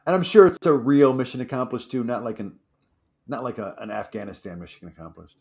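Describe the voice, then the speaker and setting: A man's voice: medium pitch, brisk, vocal fry, darkish tone. Dry, teasing male co-host. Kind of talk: casual banter on a livestream. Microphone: video call.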